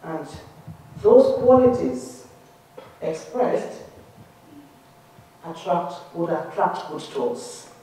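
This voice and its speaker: A woman delivers a religious lecture, moving between hushed and emphatic lines. Her pitch rises and falls widely. She sounds distant from the microphone, and her voice rings through a large auditorium. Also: drawn-out words, pauses often. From Nigeria. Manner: expressive, shifting between soft and emphatic. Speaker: Christian Science lecturer. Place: civic center auditorium. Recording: echoey hall from far off.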